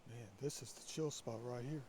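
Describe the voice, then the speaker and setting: A man with a raspy, allergy-stuffed voice, musing and rambling in a casual vlog by a creek. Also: medium pitch, fairly quick, a little mellow, slight background noise. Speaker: vlogger. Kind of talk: casual walking vlog monologue. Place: outdoors by a creek.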